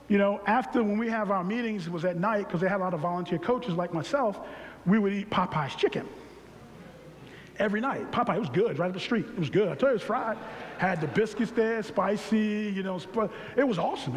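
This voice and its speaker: High-voiced guy in his forties telling his life story, gets loud and jokey, big hall echo. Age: 40s or older. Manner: emphatic, excited and humorous, shouting some words. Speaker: speaker sharing his health story. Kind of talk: animated personal testimony.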